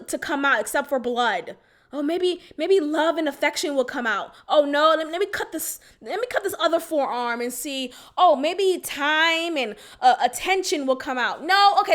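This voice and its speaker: A young woman with a high, bright voice tells her own story on a podcast. She talks candidly and expressively, slipping into low, quiet sighs and then rising into loud, exasperated outbursts. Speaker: podcast host. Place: Houston, Texas.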